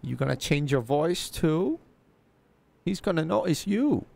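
A man's voice: a little high, big pitch swings, vocal fry, a little mellow, full character voice. Chang, a man playing a bumbling gangster. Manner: clipped broken English, slow drawl. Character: bumbling middle-aged male gangster, broken English. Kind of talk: video game role-play.

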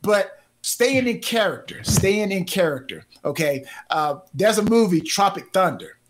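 A man hosting a sports talk show in casual chat, animated, laughing often and repeating phrases. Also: sits high, measured pace. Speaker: host.

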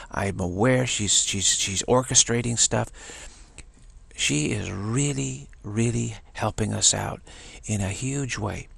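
A man's voice: fairly low pitch, creaky, a bit bright, slightly rough, no room sound. A man telling a rambling, enthusiastic story in a casual monologue, often restarting his sentences.

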